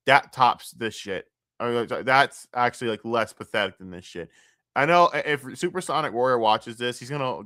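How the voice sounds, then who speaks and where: A man on a live stream ranting about online drama in a crude, mocking, heated way, jumping between loud outbursts and low mutters. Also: no echo, clean studio sound. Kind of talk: profane live-stream rant.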